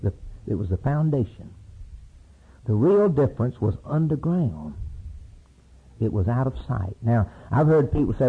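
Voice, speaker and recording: A male preacher delivers a sermon, swinging from loud high cries to low hushed storytelling. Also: sing-song, unhurried, long pauses, husky. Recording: tinny lo-fi sermon tape.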